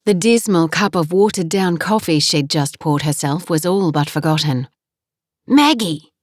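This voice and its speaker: Woman narrator, measured and steady, slightly low voice, close dry sound. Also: no echo. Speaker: audiobook narrator. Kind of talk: scripted narration.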